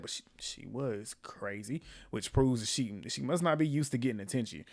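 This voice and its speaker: Guy doing a reality tv recap, sarcastic and opinionated, mid-pitch voice. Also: normal speed. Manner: opinionated, sarcastic asides, laughs at the cast. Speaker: recap host. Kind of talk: casual reality show recap commentary.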